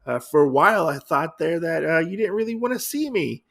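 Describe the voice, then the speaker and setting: Dude quoting a hurt, puzzled young samurai, gravelly, pretty much his own voice. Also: fairly high pitch, animated, brisk, a bit bright, pitched above the performer's own voice, full character voice.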